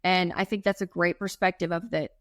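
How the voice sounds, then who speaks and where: A woman's voice: on the low side, steady tone, brisk, no room sound, clean studio sound. A woman in her thirties co-hosting a podcast, talking in a casual, rambling way with many fillers. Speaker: podcast co-host.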